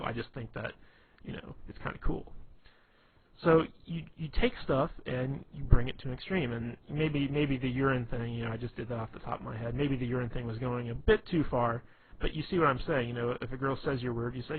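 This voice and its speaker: A man's voice: medium pitch, steady tone, a little fast. A man giving casual dating advice, rambling with lots of fillers, restarts and "you know". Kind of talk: casual instructional talk. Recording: tinny phone-quality recording with faint hiss.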